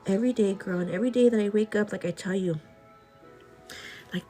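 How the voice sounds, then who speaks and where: Doing a live get-ready show, a beauty and lifestyle vlogger talks casually with her viewers, laughing often, saying "like" a lot, and calling the viewer "girl," yet speaking earnestly about faith and gratitude. Her mid-range voice is mellow and brisk, broken by long pauses, with faint music behind.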